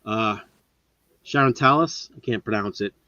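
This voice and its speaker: Guy hosting a live stream, excited and rambly, dry dull lo-fi sound. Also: lowish voice, a little slow, no room sound. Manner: enthusiastic, rambling show-and-tell. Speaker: host. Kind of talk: casual live-stream chat.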